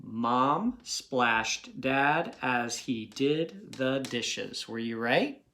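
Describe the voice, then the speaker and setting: Brief: male grade-school teacher, unhurried and patient, coaxing kids along with questions. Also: medium pitch, lively intonation, sharp tone. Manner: patient, checks in with frequent "okay?" and questions to young listeners. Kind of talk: recorded phonics review lesson.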